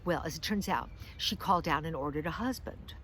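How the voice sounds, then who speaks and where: A woman's voice: sits low, a little fast, bright, forceful tone, a little hiss or hum. A middle-aged American woman telling a rambling, self-deprecating story in a casual vlog, outdoors in a park, with lots of fillers and restarts. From United States. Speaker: vlogger, comedian.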